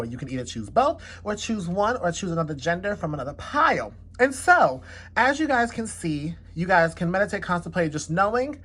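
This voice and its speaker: A woman's voice: lowish voice, slight background noise. A woman hosting a casual card reading, chatty and leaning on the word "definitely" again and again. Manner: chatty, repeats "definitely" often. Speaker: tarot card reader.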